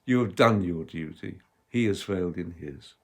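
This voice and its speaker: A man delivering a sermon as a rabbi, measured and emphatic, with loudness that swells and drops. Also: low voice. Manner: measured, emphatic delivery with strong dynamic swings.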